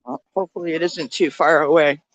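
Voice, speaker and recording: A woman's voice: deep voice, fairly even intonation, fast talker, dry recording, dull audio. Breathless woman vlogging outdoors. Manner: breathless, chatty, talks to viewers as friends. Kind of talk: walking vlog. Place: outdoors at a snowy ski resort village. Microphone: handheld phone.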